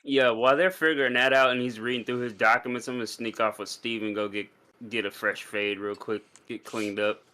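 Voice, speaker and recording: A man's voice: medium pitch, steady tone, fairly quick, bright, forceful tone. A man playing a tabletop game, describing his character's moves casually and jokingly. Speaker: player. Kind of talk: tabletop role-play chat.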